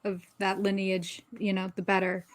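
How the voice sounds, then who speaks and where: A woman co-hosting a casual podcast chat, chatty and quick to laugh, often trailing off mid-sentence. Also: mid-range voice, completely flat delivery, noisy background. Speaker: podcast co-host.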